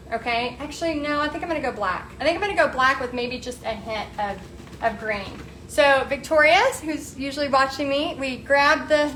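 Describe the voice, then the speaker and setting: A woman's voice: high-pitched, fairly bright tone. A woman hosting a live painting tutorial, upbeat and chatty, talking to her viewers as she works. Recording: echoey room, faint background noise.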